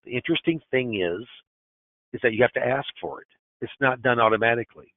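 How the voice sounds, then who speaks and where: This financial advisor in his sixties talks fast through his webinar, his mid-range voice edged with vocal fry. The line sounds tinny, like a phone, and his folksy, emphatic delivery keeps circling back to restart and repeat phrases.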